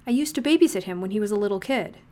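A woman voicing an unflappable male government agent who talks in a dry, deadpan, understated way. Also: medium pitch, rapid-fire, lightly acted.

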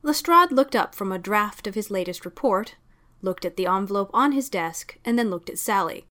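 A woman narrating a story aloud at a middle pitch, calm and even in her delivery. Her reading is steady and unhurried. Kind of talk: reading fan fiction aloud.

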